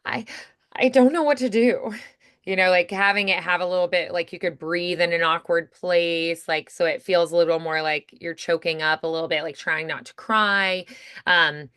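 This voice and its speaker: A woman voice coach giving relaxed, chatty feedback, filling her talk with "like" and "you know" and slipping into example lines. Her voice sits a little low and sounds smooth and clear. The recording is dry and close. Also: moderate pace, no room sound. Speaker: voice acting coach.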